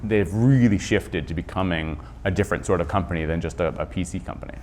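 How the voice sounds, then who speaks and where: A middle-aged man, an author, speaking in a conversational interview with quick asides and self-corrections. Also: sits low, a little mellow, slight background noise. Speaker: author and journalist guest.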